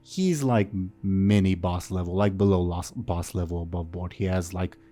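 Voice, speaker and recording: Low, mellow-voiced male game master. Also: moderate pace, soft background music. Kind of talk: running a tabletop role-playing game.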